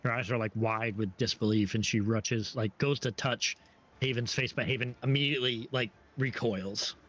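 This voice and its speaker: A man's voice: medium pitch, steady tone, moderate pace, a bit bright. A man narrating as game master for a tabletop game, hesitant with many fillers and restarts. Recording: dull lo-fi stream audio with faint ambience.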